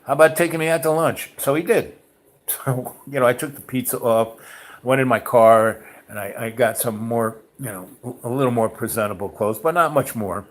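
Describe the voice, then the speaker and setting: A man's voice: medium pitch, normal speed. Rambling man telling a story. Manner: rambling, full of fillers and restarts. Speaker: podcast host. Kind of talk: casual personal storytelling.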